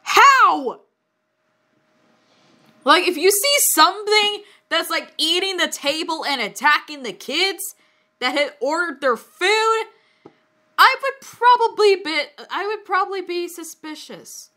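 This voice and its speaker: Lively high-voiced woman mocking a story. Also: measured pace. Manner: bursts into high laughing shrieks, mock-dramatic. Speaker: reader of bad fan fiction. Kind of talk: dramatic reading with mocking commentary.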